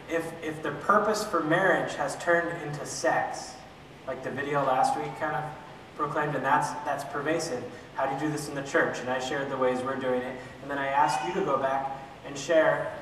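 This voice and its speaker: A man's voice: fairly high pitch, a bit bright. A man teaching an adult church class, asking questions and answering them himself, with joking asides. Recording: echoey hall from far off, faint room noise.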